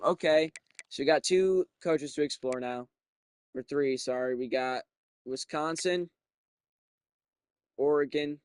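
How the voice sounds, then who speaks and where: A young man giving casual, profane commentary while playing a video game, thinking out loud and getting excited. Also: fairly high pitch, slow, pauses often, smooth, no room sound, studio quality. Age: young adult.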